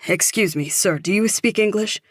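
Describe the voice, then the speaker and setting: A woman's voice: medium pitch, dry recording, studio quality, pitched above the performer's own voice, natural voice. A woman doing a panicked man on the run. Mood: urgent. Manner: urgent, rushed, pleading.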